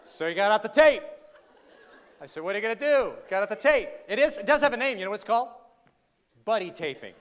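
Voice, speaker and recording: A man with a high, expressive, slightly bright voice tells a funny personal story to a live crowd in a big hall, talking a little fast but leaving long pauses. He is sarcastic and self-deprecating, quizzing the audience as he goes. The hall is reverberant, with faint background ambience.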